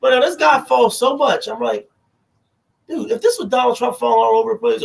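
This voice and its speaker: A man's voice: very high-pitched, brisk, gravelly, a little hiss or hum. A young man co-hosting a podcast, ranting animatedly through heated political banter and cutting in with "hold on". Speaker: podcast co-host.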